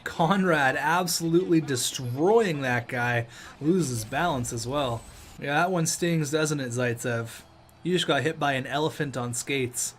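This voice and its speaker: A young man commentating his own video game match, joking and shouting when play gets tense. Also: a little high, unhurried, a little hiss or hum. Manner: excitable, jokey, shouts at big plays. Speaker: gaming YouTuber.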